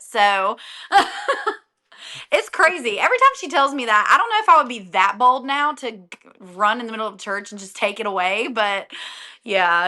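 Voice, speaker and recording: A woman's voice: fairly high pitch, sharp tone. A young adult woman, a singer and guest on an interview podcast, talking casually and animatedly, often laughing.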